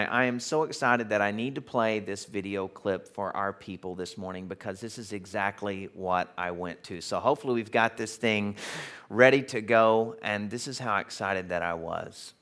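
A man preaching in a theater, telling a story in a chatty, animated way with many fillers before reading scripture aloud. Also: mid-range voice, normal speed. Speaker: pastor. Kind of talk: sermon with storytelling.

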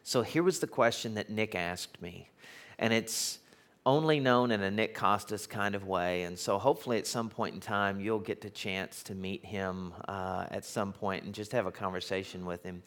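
A man preaching in a theater, telling a story in a chatty, animated way with many fillers before reading scripture aloud. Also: on the low side, moderate pace. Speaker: pastor. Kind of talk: sermon with storytelling.

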